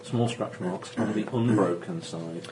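A man narrates a tabletop game as its game master, his voice on the low side. He pauses often and restarts phrases. There is noticeable hiss in the recording. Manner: hesitant, many ums and restarts. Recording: noisy recording.

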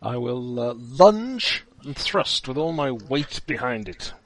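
A man's voice: medium pitch, very animated, slow, a little hiss or hum. A man playing at a tabletop game, cracking jokes in casual chat. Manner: joking, quippy. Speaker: player.

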